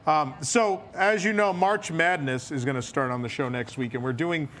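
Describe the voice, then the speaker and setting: A man co-hosting a casual podcast chat, animated and laughing often. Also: fairly high pitch, moderate pace, slight background noise. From New York area. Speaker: podcast co-host.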